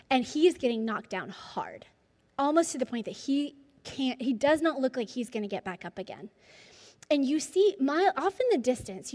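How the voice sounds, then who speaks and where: A middle-aged woman giving a devotional talk, telling stories with lively energy and dropping to near-whispers for emphasis. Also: on the high side. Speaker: speaker. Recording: long hall reverb.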